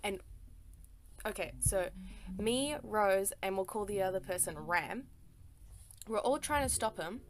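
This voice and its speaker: A woman's voice: mid-range voice, lively intonation, unhurried, pauses often, noisy background. A woman telling a personal story in a casual voice-over, emphatic and exasperated, swearing freely and filling her talk with "like" and "sis". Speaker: storytime artist.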